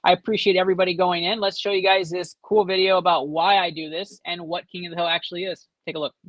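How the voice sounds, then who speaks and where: Bright high-voiced man calling pack openings. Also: level tone, dull audio. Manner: fast running tallies of card points. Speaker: livestream host. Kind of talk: live pack-opening commentary.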